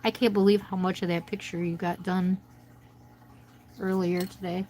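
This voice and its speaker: The speaker is an American livestream host coloring at home and chatting casually with viewers. Her lowish voice is flat and dark-toned at a moderate pace. Slight background noise comes through on a rough recording.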